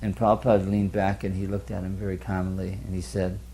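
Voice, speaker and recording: A man's voice: low-pitched, brisk. A man relaxedly telling a short anecdote about his teacher. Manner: relaxed anecdote telling, lively in quoted lines. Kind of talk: spoken anecdote. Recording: faint background hum.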